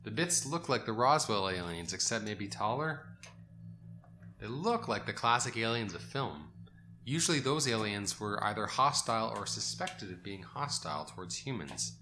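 A man's voice: fairly low pitch, expressive, normal speed, sharp tone, slight background noise. A man co-hosting a casual chat over a card game, with laid-back, dry, joking remarks. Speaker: podcast co-host.

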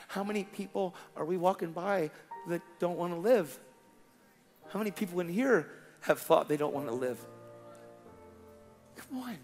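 A man preaching a testimony in an animated, casual way, full of slang and acted-out dialogue. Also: on the high side, measured pace, long pauses, crowd noise. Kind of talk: sermon testimony storytelling. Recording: long hall reverb, faint music.

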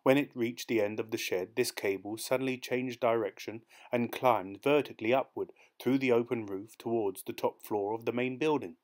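A man reading a dark short story aloud as an audiobook narrator, in a measured, steady storytelling manner. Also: medium pitch. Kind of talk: scripted narration.

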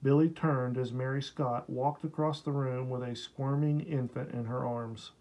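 Mellow male audiobook narrator. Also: medium pitch, steady tone, normal speed, rough recording. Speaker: audiobook reader. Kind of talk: scripted narration.

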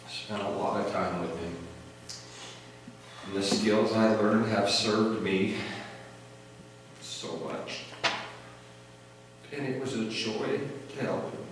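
A middle-aged man gives an earnest, reflective eulogy for a family member in a funeral chapel, with touches of light laughter. His lowish voice moves slowly with long pauses, and the recording is noisy, distant, and echoey.

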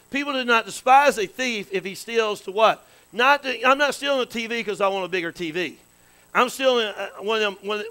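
High bright-voiced pastor preaching. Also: male voice, rough recording. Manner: folksy, calls to the congregation with frequent "amen" and questions. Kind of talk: sermon. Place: church sanctuary.

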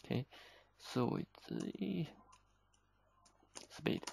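Slow, gravelly man teaching. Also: fairly high pitch, huge pitch swings, darkish tone, rough recording. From China. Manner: unhurried, patient, slips between English and Chinese with frequent fillers. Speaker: Chinese teacher. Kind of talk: explaining vocabulary in a lesson.

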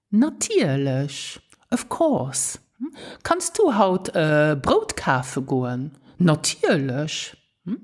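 A woman teaching a podcast language lesson, slowly and carefully saying phrases and repeating them for learners to copy. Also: fairly low pitch, darkish tone, slightly rough. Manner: slow, careful drills of words and phrases. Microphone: podcast microphone.

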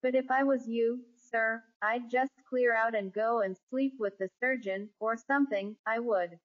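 A woman's voice: a little high, steady tone, unhurried. A woman voicing a nervous working-class male ship steward who fusses, pleads and drops his h's while calling everyone sir. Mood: fretful. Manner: drops and adds h sounds, says sir constantly; pleading, fretful. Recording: dull lo-fi recording.

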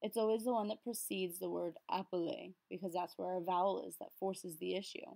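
A woman giving a French lesson to her class. She is upbeat and encouraging, and slows right down to sound out each French word clearly. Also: fairly low pitch, steady tone, warm tone. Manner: patient, slows down to enunciate French words. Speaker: French teacher.

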